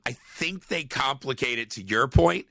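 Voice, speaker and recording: A man with a bright, ringing voice co-hosts a movie podcast. He talks casually, swears freely and slips into quoted voices. The sound is close and dry. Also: medium pitch, measured pace, gravelly, no room sound. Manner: profane, animated storyteller who acts out quoted voices. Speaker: podcast co-host. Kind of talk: casual chat.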